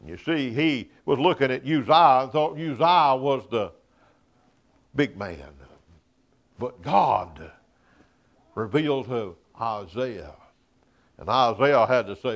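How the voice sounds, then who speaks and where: A man preaching a sermon. He chuckles between points and swells from quiet asides to loud, raised emphasis. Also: medium pitch, lively intonation, measured pace.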